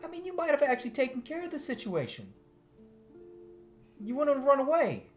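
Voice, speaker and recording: A man's voice: extremely high pitch, wildly swooping pitch, a little fast, faint music behind, voice pushed up, full character voice. Een zeurende moeder met een aangezet Italiaans accent, gespeeld door een man, die haar zoon de les leest. Hoog en nadrukkelijk, met zachte muziek op de achtergrond. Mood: reproachful. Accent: put-on Italian. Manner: exasperated, emphatic and nagging. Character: fussy Italian-style mother scolding her son. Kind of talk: tabletop role-play acting.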